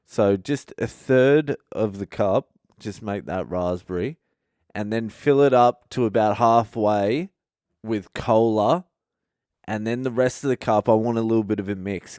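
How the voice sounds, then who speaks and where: A man's voice: on the low side, a little slow, darkish tone, clean tone, no echo. A man, a comedian hosting a podcast and telling a profane, laid-back story into a close mic.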